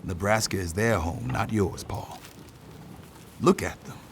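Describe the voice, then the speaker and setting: A man playing a calm, kindly train porter who talks patiently and scolds gently in an audio drama. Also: lowish voice, unhurried, creaky, a little hiss or hum.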